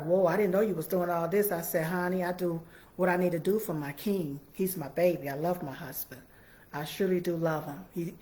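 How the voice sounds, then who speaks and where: A woman hosting a casual live stream from her home computer, chatting folksily with viewers. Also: lowish voice. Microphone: computer mic.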